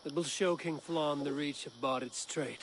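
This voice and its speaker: A man plays a calm Viking warrior from a video game, measured and polite, his voice slightly raised. A clear hiss of noise runs under the game audio. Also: fairly high pitch, close to an everyday voice.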